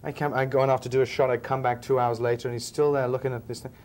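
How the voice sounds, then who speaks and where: A man's voice: medium pitch, flat delivery, fast talker, darkish tone, a little hiss or hum. A man, telling stories as a film actor being interviewed, chatty and chuckling now and then. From England, Liverpool. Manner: chatty storyteller, often chuckling. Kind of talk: relaxed interview chat.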